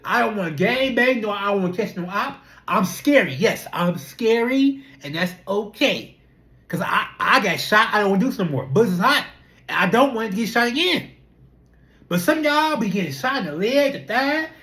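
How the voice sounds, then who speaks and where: A young adult vlogger talks directly to the camera in a casual monologue, loose and animated, with a medium-pitched voice at a moderate pace. The talk keeps circling through rhetorical questions and repeated fillers.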